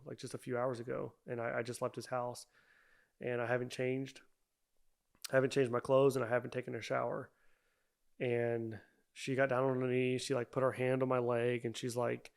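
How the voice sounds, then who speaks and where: A young man, a podcast guest, telling his own story in a halting way with many repeats and fillers. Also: medium pitch, vocal fry. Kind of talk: personal storytelling.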